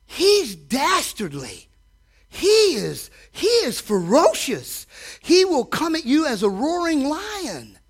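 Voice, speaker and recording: A man preaching a sermon from a church stage, animated, asking the congregation direct questions and acting out quotes. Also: very high-pitched, slow pace. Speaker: pastor.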